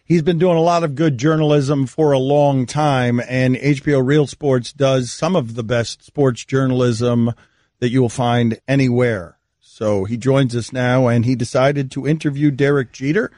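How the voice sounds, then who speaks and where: A man hosting a radio show, reading promos and arguing his points forcefully with a guest. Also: mid-range voice, fairly even intonation, moderate pace, no room sound, clean studio sound. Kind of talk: radio talk and interviewing. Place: radio studio.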